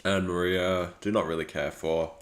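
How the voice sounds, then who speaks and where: A man's voice: sits low, level tone, moderate pace. A man giving casual live-stream commentary, rambling with lots of fillers and restarts.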